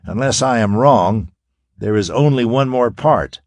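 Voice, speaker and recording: A man voicing a calm, brilliant young space-hero scientist in an audiobook, speaking coolly and with assurance. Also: mid-range voice, unhurried, no room sound, pitched above the performer's own voice.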